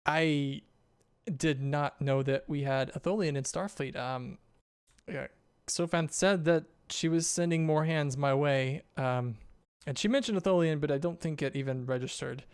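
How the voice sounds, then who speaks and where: A frazzled woman scientist, voiced by a man rambles anxiously through technical problems in a slightly raised, smooth voice. She hedges and restarts often. The recording is dry and close. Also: on the high side, unhurried, no room sound. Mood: flustered.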